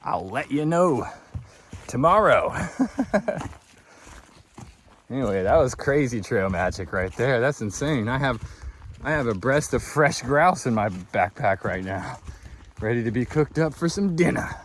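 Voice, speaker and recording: A man's voice: medium pitch, measured pace, long pauses, a little hiss or hum. A man vlogging outdoors on a long wilderness hike, telling a story with lots of laughter and acting out the other people in it. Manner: excitable, laughs often, acts out both sides of a story. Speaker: thru-hiker vlogger. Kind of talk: casual storytelling to camera.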